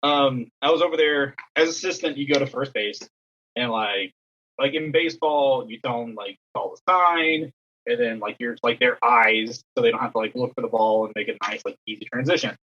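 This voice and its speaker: A man's voice: medium pitch, normal speed, pushed and bright, muffled recording. A young man telling a rambling story in a casual podcast chat, full of fillers and acted-out quotes. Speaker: podcast co-host and assistant softball coach.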